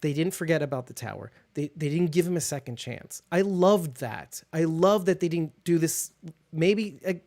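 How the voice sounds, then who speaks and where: A podcast co-host chatting through a TV episode recap. The speaker sounds eager and keyed up, with words piling on quickly. The voice sits at an ordinary middle pitch. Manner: excitable, talks fast when worked up. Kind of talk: casual TV recap chat.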